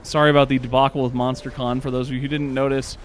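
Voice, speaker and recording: A man's voice: medium pitch, little pitch movement, quick pace, slight background noise. A man hosting a let's play, chatting casually with stammered restarts and reading the game's story text aloud.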